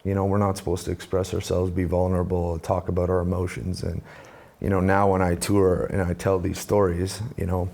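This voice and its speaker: Gravelly, dark-voiced man telling his story. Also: deep voice, a little fast. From Canada. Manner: animated storyteller, acts out quoted voices. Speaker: guest, musician and speaker. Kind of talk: conversational storytelling.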